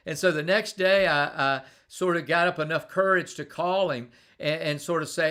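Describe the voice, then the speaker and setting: Bright-voiced man giving a leadership talk. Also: fairly high pitch, moderate pace, few pauses. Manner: conversational, repeats words and restarts, storytelling. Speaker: leadership speaker. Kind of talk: live-streamed motivational talk.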